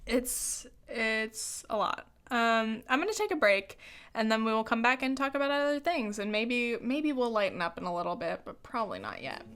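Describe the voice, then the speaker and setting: A young adult woman hosting a solo podcast, talking earnestly in a halting way with sighs and restarts. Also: on the high side, sing-song, fairly bright tone, clean tone. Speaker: podcast host.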